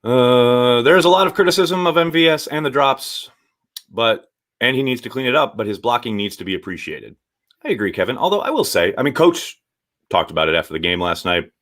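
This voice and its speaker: A man hosting a casual live stream, reading viewer chat and giving blunt, animated takes with the odd swear. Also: mid-range voice, fairly quick. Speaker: sports show host reading viewer chat.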